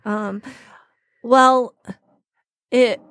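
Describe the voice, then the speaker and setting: A woman's voice: on the high side, extremely slow, no echo, studio quality. A woman fashion designer, a guest on a casual podcast interview, telling stories in a chatty way. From Michigan. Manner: chatty storytelling, animated when quoting people.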